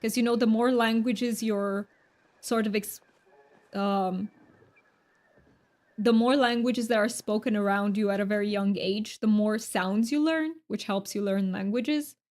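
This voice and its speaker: A woman's voice: mid-range voice, measured pace, darkish tone. A woman whose first languages are Romanian and Hungarian, chatting casually on a game stream and answering chat aloud.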